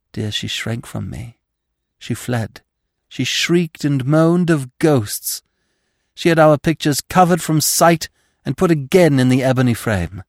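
A man's voice: mid-range voice, vocal fry, dry recording, studio quality, pitched above the performer's own voice, heavily acted. A man reading the lines of a ghostly young woman, a witch burned long ago and a devoted lover, with a tender, pleading manner. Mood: anguished. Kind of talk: dramatic audiobook reading.

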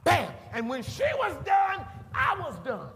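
A man preaching a storytelling sermon, animated and acting out scenes, rising to shouts at the peaks, in a roomy hall. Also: extremely high pitch, measured pace, creaky, very noisy.

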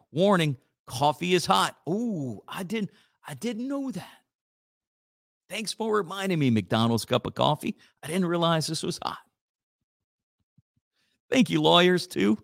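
A man's voice: high-pitched, gravelly, fairly bright tone, no echo, clean studio sound. A man hosting a casual talk radio show, joking and reading listener messages.

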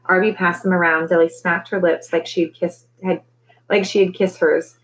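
A woman teacher reading a novel aloud to her class, relaxed, with conversational asides between chapters. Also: fairly low pitch, moderate pace, rough recording.

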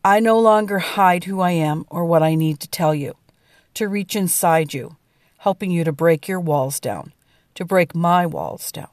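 A woman hosts her own podcast from beside a lake, offering an earnest, inspirational reflection. She speaks slowly and deliberately in a slightly low voice. The sound is dry and close, with little room echo. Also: darkish tone. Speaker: podcast host. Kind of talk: spoken reflection. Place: outdoors by a lake.

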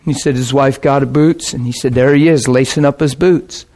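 Preaching at a slightly fast clip, this medium-pitched man tells a folksy, lively story. He takes on the voices of those he quotes as he goes.

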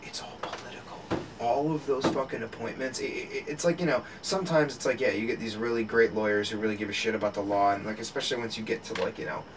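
A man's voice: medium pitch, fairly even intonation, fast. A man in casual podcast chat, rambling with many restarts and frequent laughter. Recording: distant mic with faint background noise.

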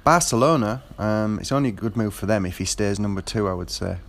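Rambling man, lowish voice. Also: a little fast, gravelly. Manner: rambling, with frequent fillers and restarts. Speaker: football fan. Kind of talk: casual monologue.

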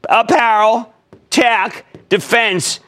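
High, excitable man hosting a TV stock show. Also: extremely slow. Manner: loud, excitable, emphatic. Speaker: host. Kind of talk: TV stock market call-in show.

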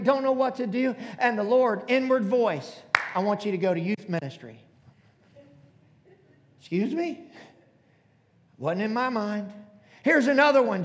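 High-voiced emphatic preacher man. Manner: emphatic, calls out to the congregation. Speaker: pastor. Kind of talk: sermon. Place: church auditorium. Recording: long hall reverb.

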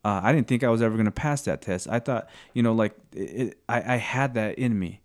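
Earnest, halting man, low voice. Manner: halting, searching for words, earnest. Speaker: co-host sharing scripture. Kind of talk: casual faith talk.

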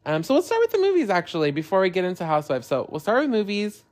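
A man's voice: high-pitched, wildly swooping pitch, fast talker, a little mellow. A man hosting a solo podcast in a casual, candid chat who swears freely and talks openly about personal feelings. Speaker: podcast host.

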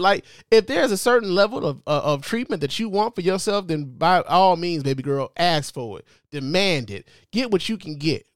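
A man in his forties hosting a show, giving animated, joking commentary full of profanity. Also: high voice, normal speed, few pauses, no echo, clean studio sound. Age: 40s. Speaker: host. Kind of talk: casual commentary.

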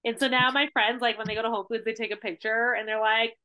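A woman guest in a casual podcast chat, telling a story in an animated way with many fillers like "like". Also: fairly high pitch, quick pace, muffled recording. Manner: animated storytelling, heavy use of "like".

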